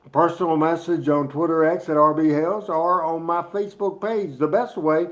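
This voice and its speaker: A middle-aged man from Arkansas co-hosting a wrestling talk show, joking and excitable as he plugs an upcoming event. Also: a little high, highs cut off. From Jonesboro, Arkansas. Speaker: co-host.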